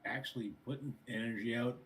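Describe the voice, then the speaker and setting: A man's voice: medium pitch, steady tone, a little fast, crowd noise. A man joining a livestream chat, earnest and emphatic, swearing casually. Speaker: stream guest.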